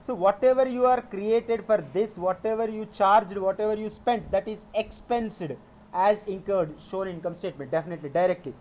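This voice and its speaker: Brief: man with a high voice, patient teacher who repeats and corrects himself. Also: moderate pace, darkish tone, a little hiss or hum. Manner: explanatory, repeats points, frequent self-corrections. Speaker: accounting teacher. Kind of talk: classroom lecture.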